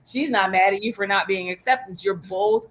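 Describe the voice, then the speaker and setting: Woman, sales coach, animated, emphatic, blunt, medium pitch. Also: moderate pace, a little hiss or hum, poor audio. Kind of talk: coaching talk.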